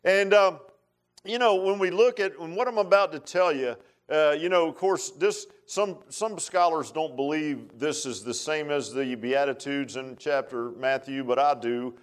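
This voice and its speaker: A middle-aged pastor delivers a sermon in a homey, meandering manner, stopping on "uh" and restarting his phrases. His voice sits a touch higher than most men's. He sounds like he is talking plainly to his congregation. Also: unhurried, clean tone. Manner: folksy, rambling, full of fillers and restarts.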